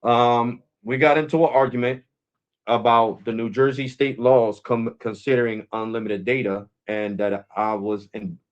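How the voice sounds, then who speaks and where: A man's voice: mid-range voice, steady tone, moderate pace, clear, resonant tone, highs cut off. Exasperated American man, rambling on stream. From United States. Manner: exasperated, rambling, repeats himself. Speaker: live streamer. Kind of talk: casual live stream talk.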